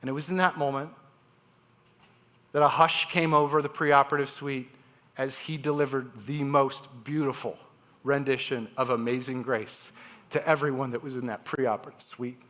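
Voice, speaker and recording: A man's voice: medium pitch, moderate pace. A man giving a storytelling talk on stage as a transplant surgeon, acting out the voices of his patients. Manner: animated, acts out patients' voices. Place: large live event hall.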